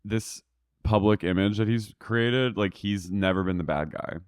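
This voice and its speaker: A man's voice: lowish voice, measured pace, clean tone, dry recording, clean studio sound. A man co-hosting a podcast, chatting casually and animatedly about a reality show, swearing freely. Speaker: podcast co-host. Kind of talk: casual gossip chat.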